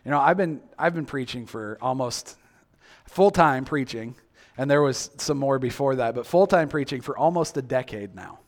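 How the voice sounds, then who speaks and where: A man's voice: mid-range voice, lively intonation, normal speed. A male preacher giving a sermon, acting out quoted reactions and asking the listeners many questions.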